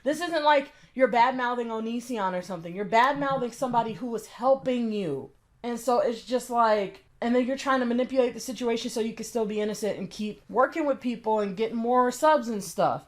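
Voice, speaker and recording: Exasperated woman ranting, high voice. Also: fairly quick. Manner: blunt, exasperated, cussing. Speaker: commentary YouTuber. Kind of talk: ranting reaction commentary.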